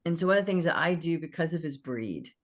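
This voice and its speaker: A woman guest on a podcast, telling lively stories in casual chat and acting out what people said. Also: low-pitched, fast talker. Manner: animated storyteller who acts out dialogue.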